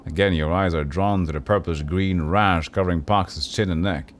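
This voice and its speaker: A man's voice: low-pitched, fairly even intonation, normal speed, few pauses, slight background noise. A man streaming a story game, reading the narration and joking with his chat in a self-deprecating way. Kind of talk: reading a game aloud on a livestream, chatting with viewers.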